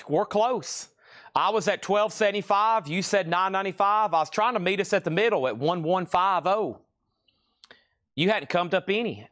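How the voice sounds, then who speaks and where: A man's voice: sits high, fairly bright tone. A man hosting a live vinyl sale stream from a record shop, reading off titles and prices and exclaiming at rare finds. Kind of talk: live-stream sales patter.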